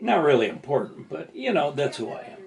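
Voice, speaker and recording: A man's voice: on the high side, very animated, fairly quick, gravelly. An older man chatting casually to camera about his model car builds, rambling and joking at his own expense. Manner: rambling and jokey, self-deprecating.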